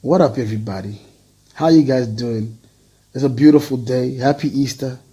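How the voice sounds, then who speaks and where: A man from Zimbabwe with a raspy voice, co-hosting a casual chat show and playfully shouting out listeners by name. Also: mid-range voice, normal speed. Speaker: podcast co-host.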